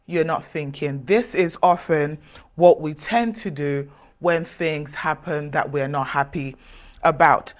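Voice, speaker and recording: An earnest woman gives motivational advice straight to the listener. She speaks in a measured way with emphatic pauses and keeps coaxing her audience to take her word for it. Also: sits low. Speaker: self-development speaker. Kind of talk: motivational advice talk to camera.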